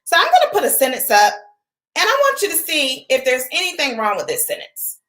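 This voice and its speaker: A woman's voice: high voice, wildly swooping pitch, a little fast, a bit bright. A woman teacher giving an online literacy lesson to young children, asking questions and answering them herself in an encouraging way.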